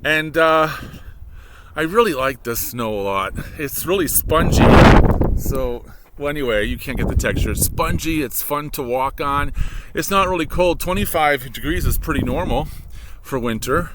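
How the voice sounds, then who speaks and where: A man's voice: a little high, animated, normal speed, heavy background noise. A man with a Michigan accent chatting casually while walking on a frozen lake, rambling and correcting himself as he goes. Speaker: vlogger, high school worker. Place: outdoors on a frozen snowy lake. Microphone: laptop held while walking.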